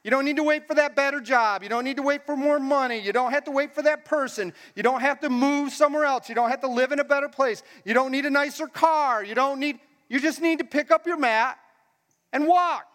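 High-voiced man preaching in a reverberant hall. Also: brisk, fairly bright tone. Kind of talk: casual sermon.

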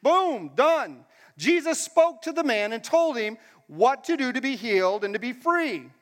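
A man's voice: very high voice, sing-song, a little slow, a bit bright. A man preaching a casual, conversational sermon in a church hall, asking the crowd questions as he goes. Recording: long hall reverb.

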